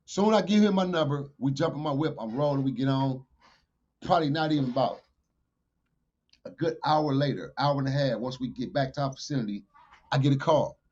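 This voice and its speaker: A man, a podcast guest, telling a street story in animated fashion. He swears freely and gets loud whenever he quotes himself. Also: mid-range voice, a little fast, lo-fi sound. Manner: profane, loud bursts when quoting himself.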